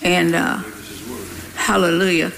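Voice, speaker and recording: A woman's voice: fairly low pitch, level tone, slow, gravelly, a crowd in the background. An older woman preaching a sermon in a folksy, scolding way, often laughing as she talks. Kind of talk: sermon with read-aloud testimony.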